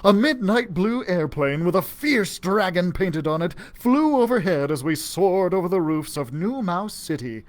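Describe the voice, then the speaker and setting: A man reading a children's storybook aloud for a library, giving the first-person mouse narrator an animated, expressive delivery. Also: measured pace, few pauses. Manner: animated, expressive reading with big pitch swings.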